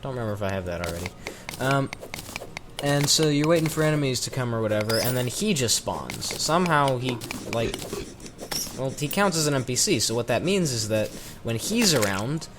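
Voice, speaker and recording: Lively-pitched man, rambling gameplay chat. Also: normal speed, background noise. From American South. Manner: rambling, chatty, self-mocking asides. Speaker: gaming commentator. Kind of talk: casual let's-play commentary. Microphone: desk microphone.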